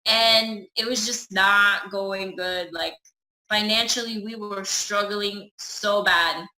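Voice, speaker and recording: A woman's voice: mid-range voice, fairly even intonation, takes it slowly, bright, forceful tone, echoey room, poor audio. A woman chatting casually through a personal story, acting out the dialogue as she goes. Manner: chatty, acts out her own and others' dialogue.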